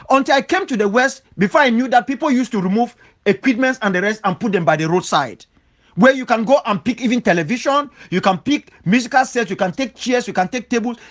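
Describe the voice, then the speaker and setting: A man from Cameroon's southwest region, an independence leader, gives an impassioned spoken rebuttal in a very high-pitched, fairly bright voice. He speaks emphatically, leaning on repeated rhetorical questions.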